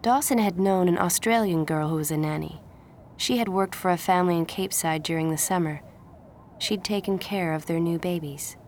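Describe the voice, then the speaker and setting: Woman reading a storybook, gravelly low voice. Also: normal speed, darkish tone, slight background noise. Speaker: audiobook narrator. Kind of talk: scripted storybook narration.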